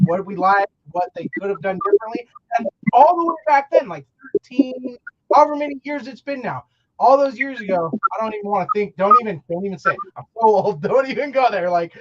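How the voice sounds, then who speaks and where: A man's voice: high voice, fairly bright tone, highs cut off. A man chatting as a podcast guest, jokey and talkative, with some swearing. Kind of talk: casual podcast chat.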